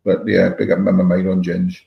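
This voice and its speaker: This man from Wales speaks in a low, creaky, entirely flat voice, a little on the fast side, while rambling through his livestream chat and naming viewers as he greets them. Echoey room, dull lo-fi sound.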